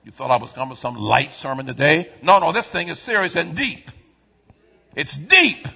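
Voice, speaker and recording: Husky high-voiced preacher, lively delivery. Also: male voice, moderate pace, muffled recording. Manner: call-and-response preaching, swings from quiet to shouting. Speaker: pastor. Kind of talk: sermon. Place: church sanctuary.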